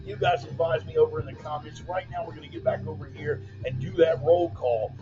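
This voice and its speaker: Hosting his weekly show through a laptop mic, a man reads viewer comments in a loose, joking livestream chat, addressing listeners as "man" and "brother." His voice is on the high side and fairly quick, and the dull lo-fi audio carries background noise and bumper music beneath it.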